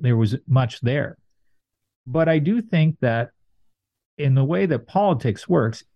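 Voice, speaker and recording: A man's voice: medium pitch, dark tone, no room sound. A middle-aged man giving thoughtful political commentary, hedging often with fillers.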